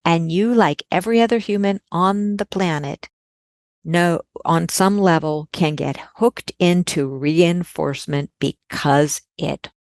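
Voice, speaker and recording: A woman with a low, slightly gravelly voice talks earnestly in a podcast conversation. She stresses the important words by repeating them. The sound is close and dry, with no room around it. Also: unhurried, a little mellow, no room sound.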